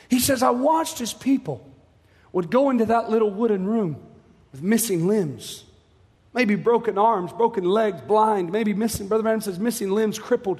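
Impassioned preacher guy, high voice, goes from hushed to shouting, long hall echo. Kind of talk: sermon.

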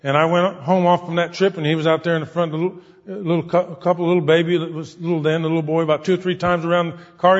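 A man's voice: a little high, level tone, quick pace, few pauses. A man preaching an earnest, folksy sermon, acting out the people he quotes. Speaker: pastor. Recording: dull recording in a hall with long reverb.

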